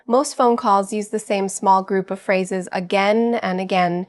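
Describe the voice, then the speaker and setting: A woman giving scripted teaching narration for an English lesson, speaking slowly and clearly at an even pace. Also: mid-range voice, dry recording, studio quality. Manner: slow, clear, evenly paced delivery.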